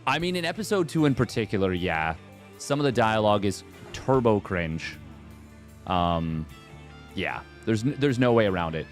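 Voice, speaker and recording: A man giving casual live commentary on a strategy game, rambling and excitable as he chats between plays. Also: on the low side, normal speed, faint music behind. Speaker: esports commentator.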